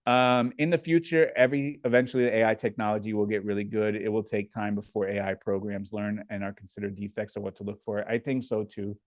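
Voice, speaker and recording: A man's voice: fairly low pitch, steady tone, brisk, hardly any pauses, no room sound. A man from Indiana, hosting a casual live Q&A and reading viewer comments aloud before answering them. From Indiana, USA. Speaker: livestream host.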